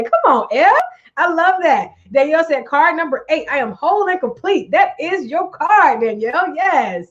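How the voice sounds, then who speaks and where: An upbeat woman coach chatting on a live stream, warmly reading viewers' comments aloud and repeating her phrases for emphasis. Her voice sits a little high. The sound is dull and lo-fi, like stream audio. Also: lively intonation, moderate pace.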